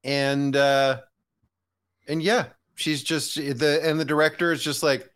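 A man's voice: fairly high pitch, level tone, slow, a bit bright, clean tone. A man co-hosting a casual film recap podcast, cracking dry jokes and making little sound effects. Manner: dry jokey quips and sound-effect asides. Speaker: podcast co-host. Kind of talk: casual movie recap chat.

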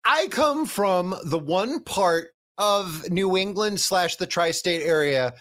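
A man from Connecticut with a standard American accent, chatting casually as a film podcast co-host. He talks in a nasal, droning way, with lively swings in his storytelling. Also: slow pace. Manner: animated storytelling with sudden pitch swings. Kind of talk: casual chat.

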